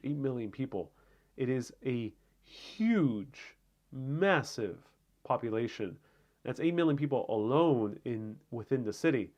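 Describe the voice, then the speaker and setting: A man's voice: medium pitch, darkish tone, highs cut off. A man hosting a live stream from home, chatting casually and answering viewer comments in a rambling way, with frequent fillers and restarts. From Puerto Rico.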